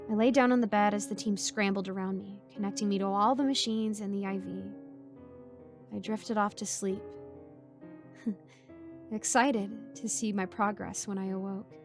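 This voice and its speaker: A woman's voice: medium pitch, steady tone, normal speed. A woman narrating a creepy first-person horror story in a tense storytelling manner. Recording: music bed under voice.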